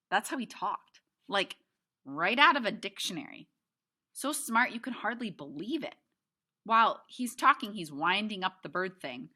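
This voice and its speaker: A woman teacher reading a novel aloud to her class, expressive, with chatty asides to the students. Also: fairly low pitch.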